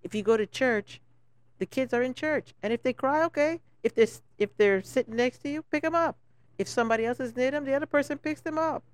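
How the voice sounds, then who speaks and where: A middle-aged woman from St. Croix with a Crucian accent, guest on a casual podcast, telling stories with lively jumps in pitch for emphasis. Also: fast talker, smooth, no echo. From St. Croix, US Virgin Islands. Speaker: guest business owner.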